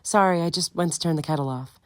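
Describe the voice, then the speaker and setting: A man voicing a gentle, worried middle-aged mother in an audiobook, speaking softly and soothingly. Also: fairly high pitch, quick pace, no room sound, studio quality, pitched above the performer's own voice, close to an everyday voice. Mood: tender.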